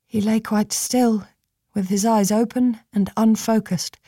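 A woman narrating an audiobook in a measured, steady storytelling manner. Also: fairly high pitch, dry recording, studio quality.

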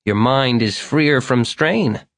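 A man's voice: medium pitch, slow pace, no room sound, voice pushed up. Man doing an earnest young chatterbox, voice lifted above the narration, dry read. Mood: curious.

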